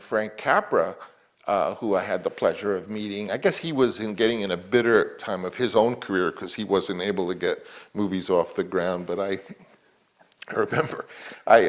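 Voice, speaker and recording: Rambling man reminiscing in an interview. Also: on the low side. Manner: rambling, many restarts. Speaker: film director, interviewee. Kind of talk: reflective interview talk.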